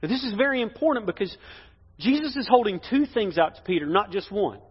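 A pastor preaching a sermon in a church, emphatic, swinging between loud declarations and hushed lines. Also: male voice, high-pitched, expressive, a little fast, breathy edge. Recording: dull echoey hall sound.

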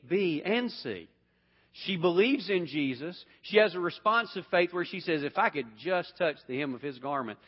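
A man leading an interactive Bible class, asking the group questions and often restarting his sentences. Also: a little high. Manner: asks questions, repeats words, restarts often. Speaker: Bible teacher. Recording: dull sound with long hall reverb.

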